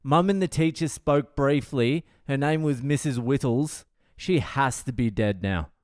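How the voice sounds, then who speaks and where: A comedian hosting his own podcast, telling a story in a profane, wry, deadpan way with lots of swearing. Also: mid-range voice, measured pace, dry recording, clean studio sound. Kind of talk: comic storytelling monologue.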